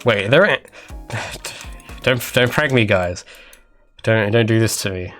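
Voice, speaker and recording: A young indie game developer from Australia, often assumed to be Canadian by his accent, talks slowly to his stream in a lowish, fairly bright voice with lively intonation. He codes while rambling casually and making jokey, self-mocking asides to chat. Soft music plays behind him.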